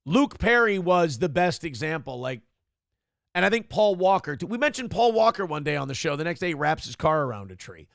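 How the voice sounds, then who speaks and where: A man's voice: a little high, big pitch swings, a little fast, vocal fry, a bit bright, no room sound. A male morning show host giving comedic, ranting commentary, sarcastic and profane as he mocks celebrities, on a close mic.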